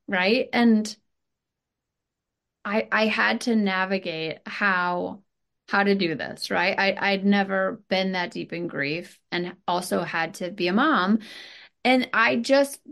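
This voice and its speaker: A woman's voice: mid-range voice, vocal fry, a bit bright. A woman in her thirties, a podcast guest talking earnestly and animatedly, with many restarts. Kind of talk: candid conversational interview.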